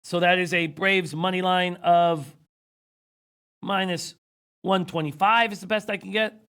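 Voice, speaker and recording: A man's voice: high-pitched, fairly even intonation, a little slow, fairly bright tone, clean tone. A man hosting a sports betting show, losing his voice, reading viewer comments and rattling off stats. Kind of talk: casual sports betting talk.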